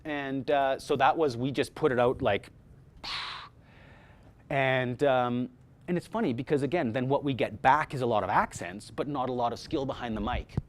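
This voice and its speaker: A man's voice: medium pitch, moderate pace. A middle-aged man leads a voice-over workshop, talking with energy to a room of actors. He has a mid-range voice, keeps restarting his phrases, and calls his listeners "guys" in a loose, direct way. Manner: energetic, many restarts, speaks directly to the group. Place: room with a small live audience.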